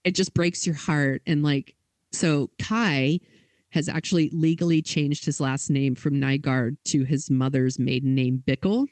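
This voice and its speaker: Higher-voiced man telling a story, casual. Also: steady tone, a little slow, a little mellow, no echo. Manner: casual, filler-heavy retelling with acted quotes. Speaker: podcast host.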